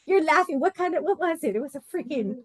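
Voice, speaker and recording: A woman's voice: sits high, expressive, fast, no room sound. A woman leading a support group session in a casual, playful and blunt way, laughing often.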